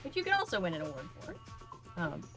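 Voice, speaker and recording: With music in the background, a young woman streams a game in a lowish voice that swings hugely in pitch, speaking quickly. She chats to her viewers and talks back to the game as she goes.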